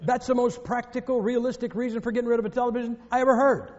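A man's voice: very high-pitched, steady tone, fast talker, darkish tone. A man from the northern United States preaching a sermon, telling jokes and stories with emphatic delivery. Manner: joking, storytelling, emphatic. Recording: echoey hall, dull lo-fi.

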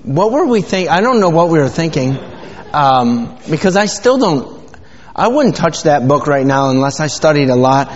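A man's voice: a little high, very animated, moderate pace. A man, giving an informal sermon and prayer in a church, rambling and folksy with many fillers. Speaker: pastor. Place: church sanctuary. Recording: dull sound with hall reverb.

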